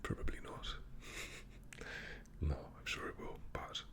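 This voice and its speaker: A young man with a London and southern English accent, talking softly in an ASMR whisper, self-deprecating and amused. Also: unhurried. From England. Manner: soft, self-deprecating, chuckling. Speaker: ASMR creator.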